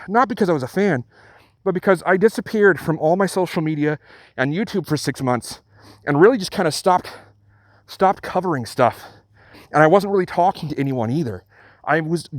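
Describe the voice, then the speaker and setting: A man's voice: on the high side, no echo. Earnest man retelling a story. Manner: earnest, halting retelling with many restarts. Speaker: channel host. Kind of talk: storytelling vlog.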